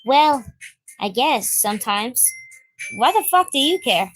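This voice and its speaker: A man voicing a feisty, defensive teenage girl in a visual novel game, pushing his voice high and snapping out his lines. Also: sing-song, a little slow, a bit bright, no room sound, soft background music, full character voice.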